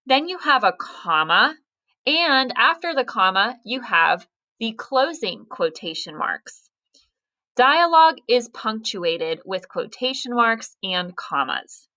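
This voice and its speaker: A woman's voice: fairly high pitch, bright, forceful tone. A woman teacher giving a recorded grammar lesson, carefully spelling out punctuation step by step.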